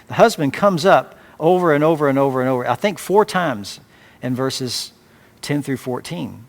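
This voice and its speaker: A man preaching as pastor, reading scripture aloud and explaining it phrase by phrase in a measured way. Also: a little high, lively intonation. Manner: measured, with frequent restarts and repeated words. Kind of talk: expository sermon.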